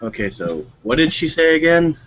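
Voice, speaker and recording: A man's voice: fairly high pitch, very animated, moderate pace, a bit bright, lo-fi sound. A man playing in a tabletop game, dry and a little pedantic in casual chat over voice chat. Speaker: player.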